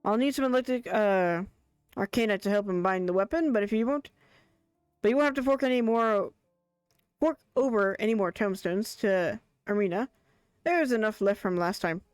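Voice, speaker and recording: A woman's voice: medium pitch, moderate pace, clear, resonant tone, dry recording, soft background music, close to an everyday voice. A woman voicing a male weapon smith in a put-on Irish accent, reading game dialogue aloud and stumbling over some words. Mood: theatrical. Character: male weapon smith, mock-formal and grand.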